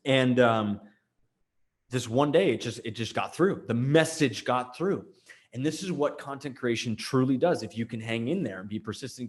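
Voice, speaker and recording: Male host, animated marketing talk, mid-pitched, lots of restarts and fillers. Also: moderate pace. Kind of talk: casual marketing talk to camera.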